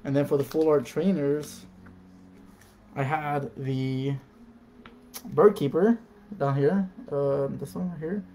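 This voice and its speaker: A young man streaming live, casually calling out cards as he opens packs and breaking into excited shouts at good pulls. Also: on the high side, slow pace, long pauses, slight background noise. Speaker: card-opening streamer. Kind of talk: live card pack opening.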